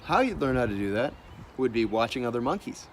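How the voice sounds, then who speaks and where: Guy ranting blunt and sweary, mid pitch, lil bit of traffic hum behind. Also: a little fast. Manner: blunt, animated, swears freely. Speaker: artist sharing opinions. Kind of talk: casual profane monologue.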